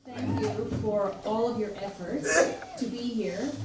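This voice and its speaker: A moderator speaking to students, measured and encouraging. She talks slowly, with long pauses. She is far from the mic in a very echoey hall, with clear background noise. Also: a little high. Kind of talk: addressing students.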